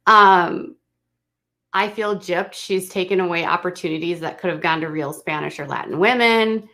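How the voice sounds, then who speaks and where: A woman's voice: lowish voice, moderate pace, bright, forceful tone. A woman giving casual, snarky, exasperated commentary on a livestream.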